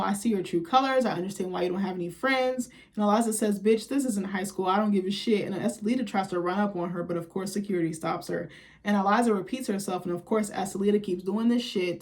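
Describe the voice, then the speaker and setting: A woman's voice: medium pitch, a little mellow. A young woman casually recapping a reality show, blunt and profane, acting out the quotes she retells.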